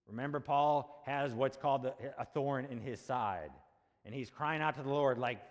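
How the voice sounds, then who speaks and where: This sermon comes from a male pastor speaking at medium pitch and a moderate pace. He talks conversationally, asking rhetorical questions and checking on his listeners, all inside a long, reverberant hall.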